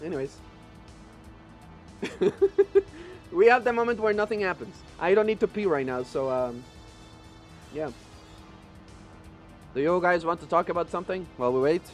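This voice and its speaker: A man streaming live gameplay commentary. He is profane and excitable, begging the game and yelling at it. His first language is Spanish. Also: sits high, brisk, long pauses, soft background music.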